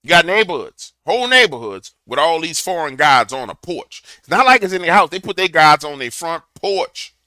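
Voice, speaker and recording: A man's voice: a little high, very animated, normal speed, few pauses, sharp tone, no echo. A man giving a preachy political commentary to a camera, telling a fiery story. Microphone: camera mic.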